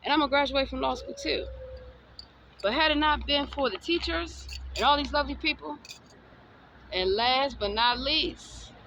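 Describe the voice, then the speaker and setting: A woman's voice: sits high, a bit bright, slight background noise, low-quality recording. Sassy woman. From Southern United States. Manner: sassy, defiant, preachy. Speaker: vlogger. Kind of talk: motivational monologue.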